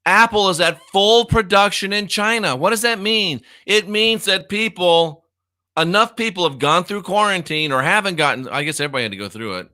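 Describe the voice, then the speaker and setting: A middle-aged American man hosts a casual livestream in a bright, forceful voice, recorded close and dry. He talks in a sarcastic, mocking way, dropping to low mutters and then bursting out loud in disbelief. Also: expressive, fairly quick, no room sound. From United States. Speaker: online show host.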